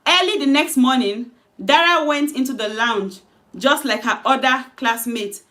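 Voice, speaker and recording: A woman's voice: sits high, unhurried, pushed and bright. Woman casually narrating her own story. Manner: loose, conversational retelling with self-corrections. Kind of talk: informal story narration with voiced dialogue.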